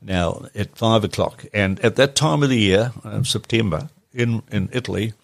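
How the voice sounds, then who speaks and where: A man's voice: fairly low pitch, moderate pace, gravelly, no room sound. An older man reminiscing plainly as an interview guest, matter-of-fact. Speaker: podcast guest.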